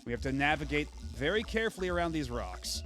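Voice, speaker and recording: A man casually commenting while he plays a fishing game on a stream, thinking aloud with quick asides. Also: fairly high pitch, sing-song, a bit bright, faint music behind.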